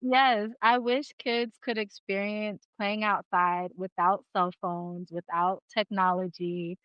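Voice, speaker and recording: A woman's voice: medium pitch, little pitch movement, takes it slowly, smooth, no room sound, dull audio. A woman co-hosting a podcast in casual chat, talking emphatically and repeating words as she goes. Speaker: podcast co-host.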